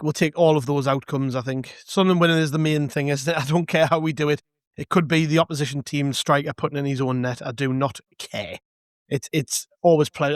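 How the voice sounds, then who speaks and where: A man's voice: fairly high pitch, no echo, studio quality. A man hosting a casual football podcast, joking around with his co-hosts. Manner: jokey, quick-talking. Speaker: podcast host. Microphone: remote call.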